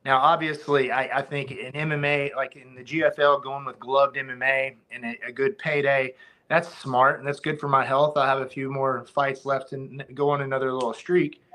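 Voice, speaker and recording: A man's voice: medium pitch, flat delivery, moderate pace, pushed and bright. Rambling man on a podcast. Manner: rambling, many restarts, laughs easily. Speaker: podcast guest, former fighter. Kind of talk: casual podcast chat.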